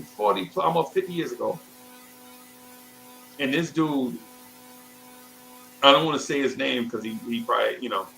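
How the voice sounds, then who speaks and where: A creaky, mid-range voice comes through a rough recording. The man, a show host in his fifties, loosely tells a childhood story in casual talk, animatedly jumping into other people's voices as he goes, with restarts and asides.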